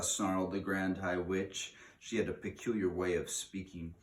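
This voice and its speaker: A man reading a children's book aloud in an expressive way, slowing down for dramatic emphasis. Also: low-pitched. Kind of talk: read-aloud storytelling. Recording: echoey room.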